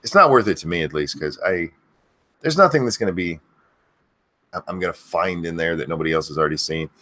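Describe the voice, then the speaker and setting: A middle-aged man hosts a live stream, chatting casually and crudely and swearing freely. He talks briskly with lively intonation, now and then breaking into high-pitched shouts of viewers' names.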